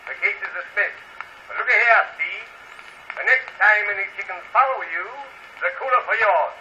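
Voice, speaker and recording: A man playing a stern judge who briskly scolds defendants in a vaudeville comedy sketch. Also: high-pitched, sharp tone. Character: stern, gruff small-town male judge. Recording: dull lo-fi cylinder with faint hiss.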